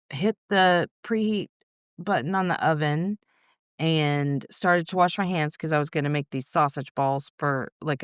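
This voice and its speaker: A podcast guest speaks into a close mic in a smooth, clean, low-sitting voice, with the dry room adding no echo. She tells her story frankly, swearing freely and slipping into rapid, rambling asides.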